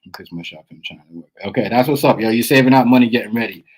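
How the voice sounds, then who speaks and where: A man hosting a casual livestream, talking straight to his chat in a streetwise, animated way that repeats itself a lot. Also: medium pitch, fast talker, poor audio. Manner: animated, repetitive, streetwise slang, addresses chat directly. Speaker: livestream host.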